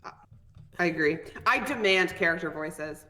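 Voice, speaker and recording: A woman's voice: on the low side, expressive, moderate pace, pushed and bright, in a large hall. A woman from the United States chatting casually, upbeat and joking. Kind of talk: casual chat.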